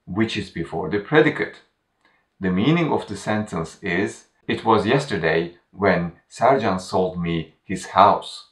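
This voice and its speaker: A man narrates a scripted grammar lesson at a slow, careful pace and repeats each example twice. His voice sits fairly low. The recording sounds roomy, with the mic set back from him. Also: a bit bright, recorded from a distance. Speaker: language teacher.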